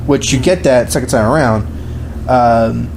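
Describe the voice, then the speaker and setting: Rambling man with a dark, mellow voice. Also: mid-range voice, unhurried, vocal fry, slight background noise. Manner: rambling, many restarts and fillers. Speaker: podcast co-host. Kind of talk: casual film discussion.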